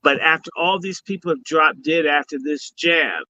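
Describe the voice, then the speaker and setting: A summit organizer appearing as a guest speaker on a live stream talks casually, mixing preachy blessings with swear words. He speaks at a moderate pace in a fairly high, pushed, bright voice. The video-call audio is dull and lo-fi with slight background noise.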